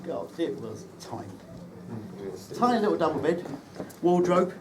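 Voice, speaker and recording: A man's voice: fairly high pitch, sing-song, measured pace. A man giving a humorous wedding speech about the groom, teasing him with dry, well-timed anecdotes at a reception. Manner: dry, teasing storytelling with comic timing. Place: wedding reception room, indoors. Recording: distant mic with loud room noise.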